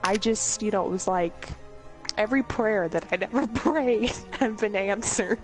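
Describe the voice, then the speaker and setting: A woman's voice: mid-range voice, normal speed, soft background music. A woman telling comedic stories in a casual, rambling way, laughing often and swearing freely. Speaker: storyteller host.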